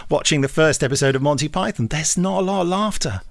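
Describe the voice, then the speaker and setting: A man's voice: on the high side, quick pace, vocal fry, no echo, studio quality. A man with an English accent, a podcast guest chatting casually and animatedly, full of restarts and asides.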